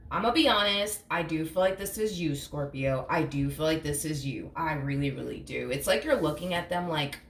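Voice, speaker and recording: A deep-voiced woman reads tarot casually and bluntly at a moderate pace with hardly any pauses, swearing freely and performing imagined reactions in quotes; faint hum and echo fill the room.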